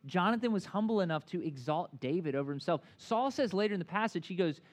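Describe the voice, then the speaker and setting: A pastor with a high-sitting voice preaches a conversational sermon at a quick pace. He's animated and full of asides, often checking in with "right?".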